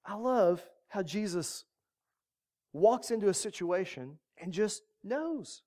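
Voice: mid-range voice, lively intonation, slow pace, warm tone. A pastor giving a casual, joking sermon that walks the congregation through a Bible reading.

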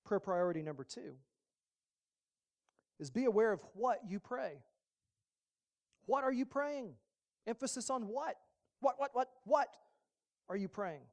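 A man's voice: sits high, animated, measured pace, long pauses. Conversational male pastor preaching. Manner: conversational preaching with humorous asides. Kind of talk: sermon.

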